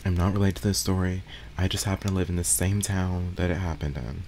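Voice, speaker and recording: A young man with a very low, deep voice tells a story in a relaxed, casual way while he eats. He talks with food in his mouth and chews between phrases, so the words come out thick and unhurried. There is a faint hint of room ambience behind him. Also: background noise. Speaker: ASMR eating channel host.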